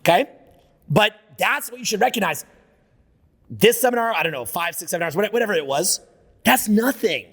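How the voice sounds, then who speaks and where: A man with a fairly high voice and a gravelly edge leads a live seminar, talking brashly and profanely. He riffs off the cuff, and his voice carries through a hall with a long reverb. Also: lively intonation, normal speed, pauses often, a bit bright. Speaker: seminar speaker. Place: seminar room with an audience.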